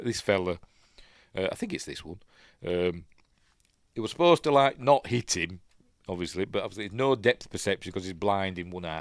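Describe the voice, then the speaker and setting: A film review host with a Yorkshire accent gives a casual, rambling breakdown of a film, emotional and chatty and full of ums and uhs. His low voice has a fairly bright, clean tone, recorded in clean studio sound with no room sound.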